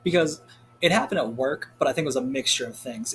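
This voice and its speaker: A man's voice: mid-range voice, fairly quick, a little hiss or hum. Rambling, cussing young guy. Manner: rambling, profane, heavy on "like" fillers. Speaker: vlogger. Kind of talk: casual storytelling rant.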